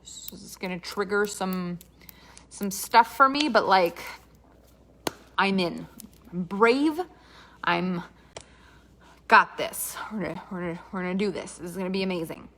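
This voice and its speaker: A woman's voice: on the low side, unhurried, pauses often, fairly bright tone. A woman from Canada telling a comic personal story with dramatic asides and quoted dialogue.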